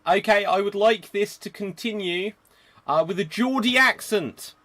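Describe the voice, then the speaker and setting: A man hosting a live online improv comedy show, briskly calling freezes and reading out audience suggestions. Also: high voice, sharp tone, no echo.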